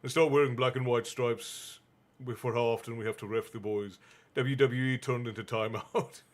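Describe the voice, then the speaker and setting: A man reading a bedtime story aloud on a stream and chatting with viewers in a relaxed, chatty manner. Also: medium pitch, normal speed. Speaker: stream host and reader. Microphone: streaming mic.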